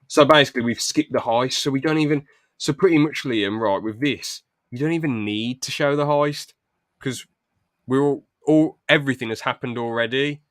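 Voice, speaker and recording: A young man hosting a podcast, pitching a film script in a rambling, stop-start way with lots of fillers. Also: moderate pace, no room sound, studio quality. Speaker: podcast host. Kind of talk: casual podcast chat, reading out a film pitch.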